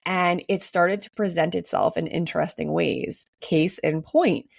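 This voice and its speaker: Slightly raspy, gravelly woman podcaster. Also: on the low side, steady tone, measured pace, dry recording, clean studio sound. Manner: chatty, frequent ums, laughs between thoughts. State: hoarse, recovering from illness. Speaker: podcast host. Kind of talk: casual solo podcast monologue.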